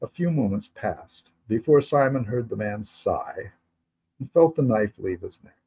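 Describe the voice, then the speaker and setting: A man, the author, reading his historical fantasy novel aloud in steady, measured narration. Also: on the low side, breathy edge, low-quality recording.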